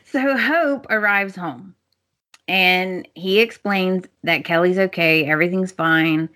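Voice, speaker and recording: A woman co-hosting a podcast recaps soap opera episodes in casual chat, acting out the characters' lines. Her voice is fairly low-pitched and sharp in tone, and she takes things slowly.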